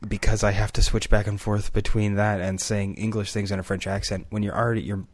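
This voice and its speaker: Male podcast co-host, low voice, earnest rambling chat. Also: little pitch movement, a little fast, no echo. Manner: chatty storyteller, earnest and rambling. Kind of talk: casual chat.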